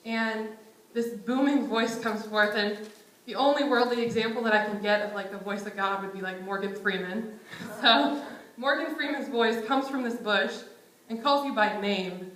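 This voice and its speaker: A woman's voice: medium pitch, moderate pace, fairly bright tone. A young woman preaching a conversational sermon in a church, casual and self-deprecating, often chuckling. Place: church sanctuary. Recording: roomy church sanctuary echo.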